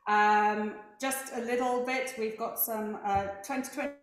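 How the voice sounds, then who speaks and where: A woman's voice: on the high side, steady tone, a little slow, faint music behind. A woman facilitating a laughter wellness session over a video call, giving encouraging step-by-step cues for breathing and laughing. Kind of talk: guided group exercise instruction. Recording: very echoey online call.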